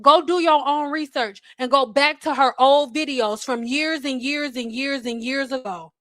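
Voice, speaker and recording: A high-pitched woman talking close to a dry mic in a casual livestream rant. She is blunt, exasperated and swears freely. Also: moderate pace, fairly bright tone, no echo. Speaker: hair care educator. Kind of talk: casual ranting livestream talk.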